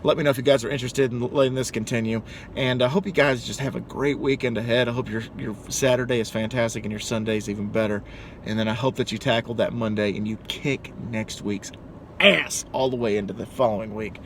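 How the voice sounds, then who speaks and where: A man's voice: medium pitch, a little fast, a little hiss or hum. Chatty young man telling stories. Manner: animated, chatty, cusses casually. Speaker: pizza delivery driver and vlogger. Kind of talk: casual storytelling to camera.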